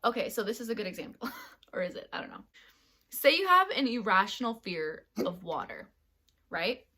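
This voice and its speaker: A woman co-hosting a casual podcast chat, talking in an animated way with frequent fillers and laughs. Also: mid-range voice, normal speed. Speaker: co-host.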